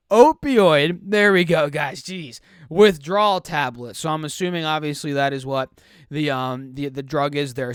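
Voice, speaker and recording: Young male stock YouTuber, casual and chatty, bright clean voice, dry close mic. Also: high voice, clear, resonant tone, no echo. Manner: quick, chatty, self-correcting. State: recovering from illness, slightly choked. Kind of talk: casual stock market commentary.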